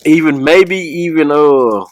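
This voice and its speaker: A man hosting a podcast, telling a rambling story with laughs and quick voice impressions. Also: fairly high pitch, no room sound, poor audio. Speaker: podcast host.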